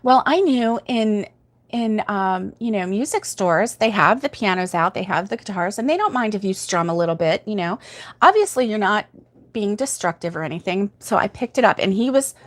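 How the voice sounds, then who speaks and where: A woman's voice: medium pitch, lively intonation, normal speed. An older woman hosts a casual livestream, telling a story in a chatty way, laughing often and reading viewer comments aloud. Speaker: host of a crochet livestream.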